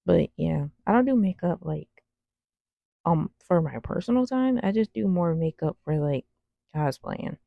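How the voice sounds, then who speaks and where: A woman's voice: fairly low pitch, animated, unhurried, gravelly, no echo, phone-quality sound. A woman cosplay vlogger rambling in casual, slangy voice-over about her makeup. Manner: rambling, slangy, self-deprecating.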